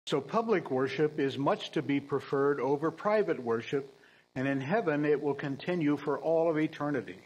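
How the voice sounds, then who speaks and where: A man preaching a sermon in a church, earnest and emphatic, with dry humorous asides and frequent throat-clearing. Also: a little high, moderate pace, darkish tone, lo-fi sound.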